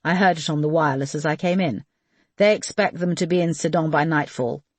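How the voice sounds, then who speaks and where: A woman voicing a reserved young male RAF pilot who speaks in a dry, understated way, a little low in pitch. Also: a little fast, no echo. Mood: grave.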